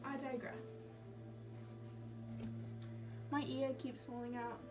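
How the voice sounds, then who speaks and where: A woman's voice: sits high, little pitch movement, takes it slowly. Chatty woman livestreaming. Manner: chatty, self-mocking, easily sidetracked. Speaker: cosplay livestreamer. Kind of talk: casual livestream chat. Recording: distant mic with music behind. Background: background music.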